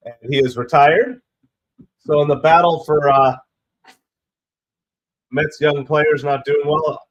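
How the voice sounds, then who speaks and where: A middle-aged man with a cold, hoarse and stuffy, hosting a live stream and chatting casually through the play-by-play. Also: muffled recording. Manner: rambling, excitable about pitches.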